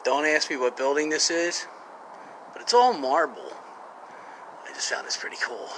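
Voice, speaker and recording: Man, 40s, Philadelphia accent, joking vlog ramble, bright voice, lively pitch, in his truck. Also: moderate pace, a little hiss or hum, low-quality recording. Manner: joking, rambling, self-mocking. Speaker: vlogger, scrap-metal worker. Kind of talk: casual vlog monologue.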